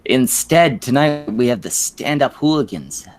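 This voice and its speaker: A man's voice: mid-range voice, lively intonation, measured pace, soft background music. A man with a Quebec French Canadian accent hosting a stream, rambling through crude, casual banter full of fillers and restarts. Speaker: stream host.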